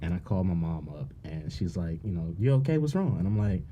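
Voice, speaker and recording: A woman's voice: rumbling low, quick pace, slightly rough. A woman co-hosting a podcast, telling stories in casual chat and acting out the voices of people she quotes. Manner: animated storyteller, acts out quoted voices. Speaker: podcast co-host. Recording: podcast booth.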